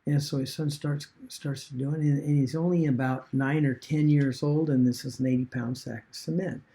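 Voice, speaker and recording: A man retelling a story casually as an online business vlogger, halting and rambling with many fillers and restarts. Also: medium pitch, steady tone, vocal fry, dark tone.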